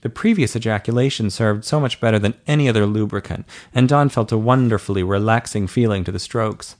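A man reading a story aloud in a steady, even narration. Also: on the low side, brisk. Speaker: audiobook narrator. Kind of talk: scripted narration.

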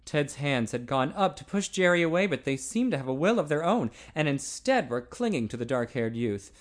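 A man narrating a novel aloud in an expressive way. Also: normal speed. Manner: expressive, pitch swinging widely. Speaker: audiobook narrator.

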